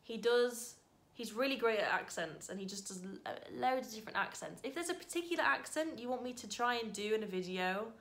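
A woman talking casually to her camera in a heartfelt vlog, thanking viewers and reflecting softly with sudden bright bursts. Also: on the high side, lively intonation, a little fast, hardly any pauses. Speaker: vlogger.

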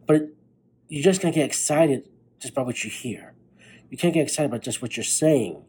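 Young male podcast host, husky and mellow, tired late-night swearing pep talk. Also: medium pitch, moderate pace, poor audio. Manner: blunt, profane, fired-up pep talk. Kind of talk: motivational monologue.

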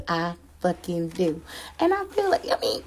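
A woman chatting to her viewers in a loose storytime style, candid and full of slang, with a warm, mellow tone. Her voice sits a little low, and she talks plainly and openly, swearing freely as she goes. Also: big pitch swings, measured pace. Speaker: vlogger telling a personal story. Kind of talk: casual storytime chat.

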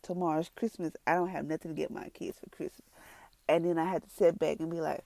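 A woman's voice: low voice, fast talker, creaky, no room sound. A woman, a mother sharing an earnest personal testimony with viewers in a conversational, storytelling way. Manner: earnest, conversational, storytelling with lively quoted reactions.

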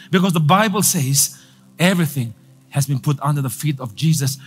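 A male pastor preaching a sermon, repeating lines for emphasis and building to loud declarations. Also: high-pitched, expressive, a little fast, husky, soft background music.

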